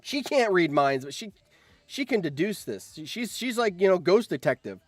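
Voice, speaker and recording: A man streaming live, reacting excitedly and yelling in surprise on a close mic. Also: sits high, moderate pace, no echo, soft background music. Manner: excitable, yells in surprise, laughs often.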